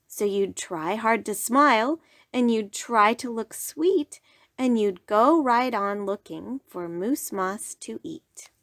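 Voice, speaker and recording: A woman storyteller reading a rhyming bedtime story aloud in an animated way. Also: on the high side, slow, no echo.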